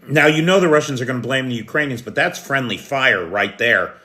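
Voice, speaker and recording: An American man with a bright, edged voice hosts a live news stream. He talks in a loose, chatty way, reads out viewers' comments and answers them by name, clearing his throat now and then. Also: mid-range voice. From United States. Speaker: livestream news host. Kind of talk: casual live chat reading viewer comments.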